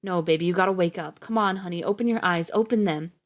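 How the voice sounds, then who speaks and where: A woman's voice: on the low side, quick pace, close to an everyday voice. Woman doing a frantic young man, pleading, raised, cracking voice. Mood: tender.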